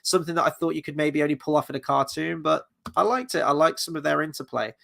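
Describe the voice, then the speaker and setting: A man's voice: on the high side, fast talker, vocal fry, a bit bright. A man giving a casual spoken film review, rambling and hesitant, often correcting himself and stopping on fillers.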